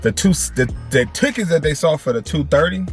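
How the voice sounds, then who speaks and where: A man, a family vlogger, casually telling a story to camera in an animated, slangy way, repeating phrases for emphasis. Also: on the high side, a little fast, faint music behind. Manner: slangy, conversational.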